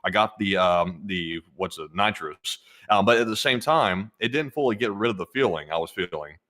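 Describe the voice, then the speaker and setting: A man's voice: low voice, lively intonation, moderate pace, bright, forceful tone. A man co-hosting a live stream in casual chat, rambling with many fillers and restarts.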